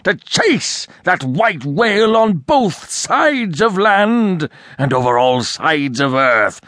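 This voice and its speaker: Casting: man playing a raging old whaling captain, wild swinging pitch, slow heavy delivery. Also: sing-song, no room sound, clean studio sound, exaggerated voice. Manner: ranting, shouting, wildly swinging. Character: fierce obsessed old male sea captain.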